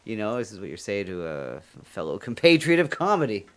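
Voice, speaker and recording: A man from Canada with a lowish voice hosts a livestream, chatting casually. He rambles and jokes and laughs often. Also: sing-song, fairly quick, a bit bright, clear, resonant tone. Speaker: livestream host. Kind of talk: casual chat.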